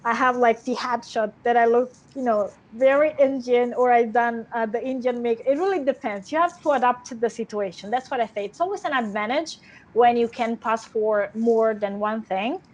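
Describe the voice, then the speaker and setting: An actress with an Italian accent in a casual interview, talking freely with frequent laughter and restarts. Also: female voice, on the high side, moderate pace, muffled recording. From Italy. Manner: chatty, laughs often, many restarts.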